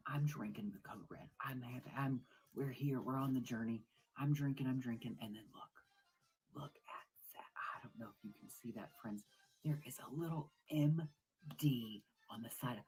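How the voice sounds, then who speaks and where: A woman performing a comedic monologue at home, over-the-top excited and swinging between hushed whispers and loud exclamations. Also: rumbling low, measured pace, slightly rough, poor audio.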